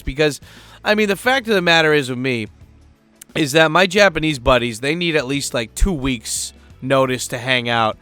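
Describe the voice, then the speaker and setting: A man's voice: mid-range voice, moderate pace, pushed and bright, clear, resonant tone, dry recording, soft background music. A man living abroad, telling a story in a casual vlog rant, rambling and swearing freely. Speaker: vlogger living in Japan.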